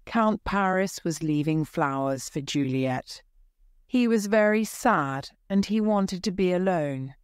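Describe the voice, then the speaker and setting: Low voiced lady reading a story real slow for learners, smooth and dry. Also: lively intonation, no room sound. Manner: slow, careful, clear reading. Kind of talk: slow graded-reader narration for English learners.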